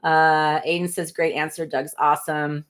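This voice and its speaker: A woman in her fifties hosts a casual livestream, reading viewer comments aloud and answering them. Her voice sits a little low, and she talks in a chatty, apologetic way, full of quick asides. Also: level tone, a bit bright, smooth. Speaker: livestream host.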